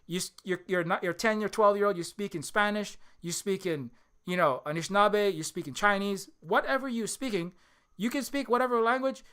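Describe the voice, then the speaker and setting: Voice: mid-range voice, a little fast, a bit bright, clean tone. A host from Hawaii giving an impassioned political commentary monologue, swearing often, restarting sentences and asking "right?" again and again. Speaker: channel host.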